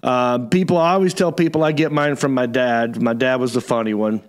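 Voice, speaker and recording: A man's voice: mid-range voice, steady tone, a little fast. A middle-aged man hosting a podcast, chatting in an easygoing, folksy, agreeable way. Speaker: podcast host. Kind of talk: casual chat.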